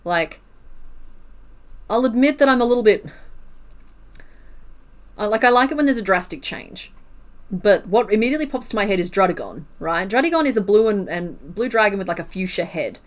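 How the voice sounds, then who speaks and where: A woman's voice: mid-range voice, lively intonation, moderate pace, pauses often. Aussie lady chatting away on her stream while she crochets, laughs a lot. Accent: Australian. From Australia. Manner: chatty, laughs often, counts stitches under her breath. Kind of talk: casual chat while crocheting.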